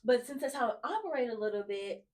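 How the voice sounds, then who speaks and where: A woman's voice: fairly high pitch, fast. A woman co-hosting a faith podcast, chatting casually and acting out her inner voices as she tells stories. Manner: animated storytelling with acted inner voices. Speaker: podcast co-host.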